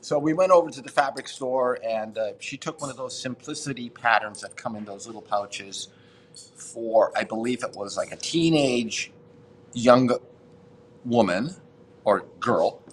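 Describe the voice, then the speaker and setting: There's slight background noise as this medium-pitched man, sixties, from Boston, speaks at a measured pace. Guesting on a podcast, he rambles through a profane story, interrupting himself and starting over in a casual interview.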